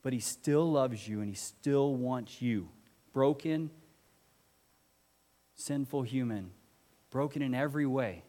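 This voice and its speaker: A man's voice: mid-range voice, slow pace, pauses often, mellow. A man preaching a sermon to his congregation in an earnest, conversational way, putting direct questions to the listeners. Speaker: pastor. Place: church. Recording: church hall reverb.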